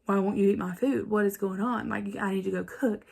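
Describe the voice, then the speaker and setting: Woman doing a gravelly Appalachian grandma, bossy about feeding guests. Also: medium pitch, steady tone, brisk, a little mellow. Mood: insistent. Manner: insistent, offended. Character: fussing old grandmother set on feeding guests.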